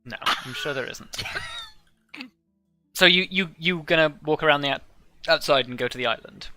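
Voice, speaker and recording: A man's voice: fairly high pitch, moderate pace, sharp tone, no room sound, soft background music. A man running a tabletop game as game master, narrating in a hesitant, filler-heavy, amused way.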